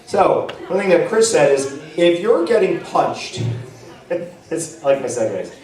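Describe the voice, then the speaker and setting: A man's voice: fairly high pitch, very animated, slow pace, darkish tone. A man giving a casual, rambling talk to a live audience at a convention panel, full of fillers and restarts. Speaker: panel presenter. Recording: echoey room, mic far off.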